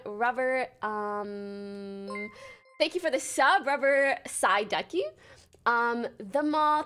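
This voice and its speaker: Reading names out fast to thank those watching, a talkative woman in her twenties chats cheerfully on her livestream. Her voice is high-pitched and a little bright.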